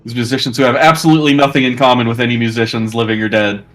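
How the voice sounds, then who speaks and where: A man, a guest on a let's-play stream, chatting casually with wry, deadpan quips. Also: mid-range voice, very fast. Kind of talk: casual gameplay chat.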